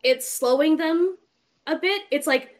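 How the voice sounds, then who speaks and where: A woman's voice: high voice, measured pace. Rambling, chatty young woman. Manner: rambling, chatty, swears freely. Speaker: podcast co-host. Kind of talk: casual stoned chat.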